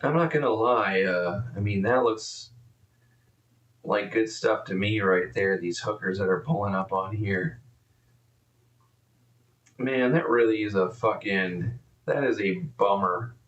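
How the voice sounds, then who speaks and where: A man's voice: on the low side, unhurried, long pauses, a bit bright, echoey room, distant mic, lo-fi sound. A man live-streaming and commenting casually, profane and rambling, easily exasperated.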